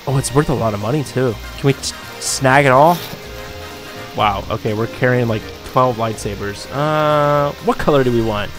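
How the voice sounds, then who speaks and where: A man giving excitable let's-play commentary, riffing as he explores a video game, with sudden jumps in pitch. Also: normal speed. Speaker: gaming YouTuber. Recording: game music behind.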